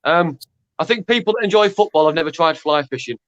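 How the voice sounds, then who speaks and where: A man with a Northwest England accent, chatting as a guest gardener on a video call, deadpan and halting with restarts. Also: a little high, no room sound, dull audio. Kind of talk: casual chat.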